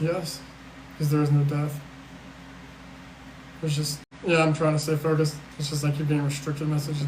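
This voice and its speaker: This weary streamer rambles through chat questions casually, cursing often, restarting sentences and dropping sarcasm. A little high for a man and somewhat mellow, his voice echoes around the room over a faint background hiss.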